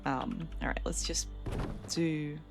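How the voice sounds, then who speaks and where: A woman's voice: low-pitched, fairly even intonation, slow, gravelly, over music. A woman streaming a game at home, chatting casually with her viewers and laughing easily. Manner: chatty, reads out and answers chat, laughs easily. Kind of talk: casual live-stream chat while gaming.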